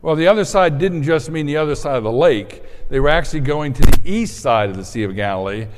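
Conversational male pastor, echoing hall. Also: mid-range voice. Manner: conversational, many fillers and restarts. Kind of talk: sermon.

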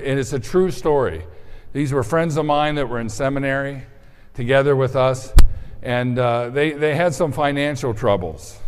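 A male pastor giving a sermon to his congregation, praying slowly and then telling stories casually with frequent restarts. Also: medium pitch, clear, resonant tone, in a large hall. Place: church sanctuary with congregation.

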